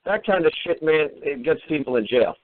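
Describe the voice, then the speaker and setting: A man's voice: fairly high pitch, expressive, a little fast. Man, radio host, profane exasperated rant, tinny phone-line sound. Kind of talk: call-in radio talk.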